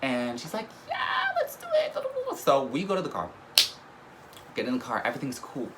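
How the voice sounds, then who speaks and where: A young man in the middle of a casual story, swearing freely and laughing between lines. His voice sits at an everyday middle pitch, and a steady hiss of background noise runs under the recording. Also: fairly quick. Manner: animated, profane, laughs mid-story. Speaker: vlogger.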